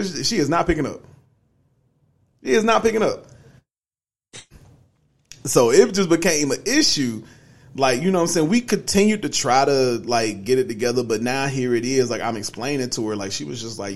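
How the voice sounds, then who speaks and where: A young male podcast co-host casually tells a long personal story, sounding laid-back and dropping plenty of fillers like "you know what I'm saying." His voice is fairly high and a bit creaky, with a sing-song lilt and a slightly quick pace.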